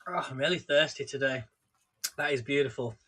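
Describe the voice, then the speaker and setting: A man's voice: mid-range voice, brisk, pushed and bright, husky. A man casually chatting through a live cooking stream, rambling and talking to viewers by name. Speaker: livestream host.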